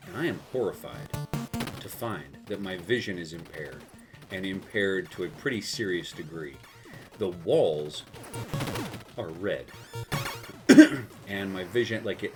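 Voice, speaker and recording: A man from South Texas telling a rambling, self-mocking story while he plays a game, laughing often. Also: deep voice. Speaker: gaming video host. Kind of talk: storytelling over gameplay.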